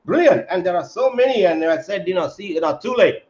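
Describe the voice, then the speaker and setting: A man's voice: high voice, lively intonation, a little fast, over a noisy crowd. A man hosting a casual live-stream chat, talking with lots of fillers and calling his guest mate. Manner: chatty, many fillers, calls guest mate. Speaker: host. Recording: echoey, dull lo-fi audio.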